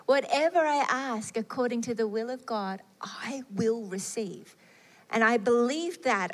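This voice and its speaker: A middle-aged woman preaching a sermon, telling personal stories with earnest, acted-out inner dialogue. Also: high voice.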